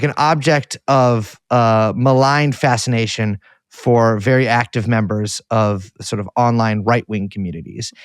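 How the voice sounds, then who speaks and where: A mid-pitched man co-hosting a podcast reports back with a meandering, self-deprecating story, restarting often in casual conversation. The recording is dry, with clean studio sound.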